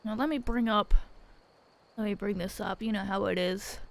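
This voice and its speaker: A woman's voice: mid-range voice, fairly even intonation, normal speed, vocal fry, very noisy. A young woman streamer telling a rambling, profane story in casual chat, often laughing. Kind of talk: casual chat while gaming.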